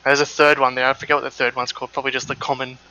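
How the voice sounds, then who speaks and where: Bright-voiced Australian man telling yarns. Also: medium pitch, flat delivery, racing, muffled recording. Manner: laughs often, swears freely, rambling anecdotes. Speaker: sim racing stream co-host. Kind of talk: casual chat.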